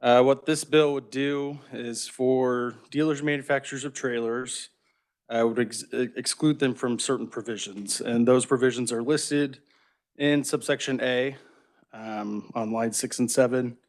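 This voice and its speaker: A man's voice: medium pitch, steady tone, unhurried. A man serving as legislative revisor, giving a formal, methodical briefing on a bill into a table microphone in a committee room.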